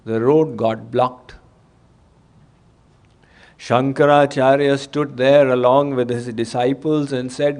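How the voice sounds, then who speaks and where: A man giving a temple sermon, telling a story in a measured, explanatory way to his audience. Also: medium pitch, fairly even intonation, a little mellow. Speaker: spiritual teacher.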